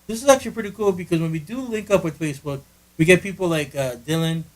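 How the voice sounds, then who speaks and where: Man, casual podcast co-host, slightly high voice, rambling, joking. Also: quick pace, rough recording. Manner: rambling, joking, frequent restarts. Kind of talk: casual chat. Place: friend's living room in California.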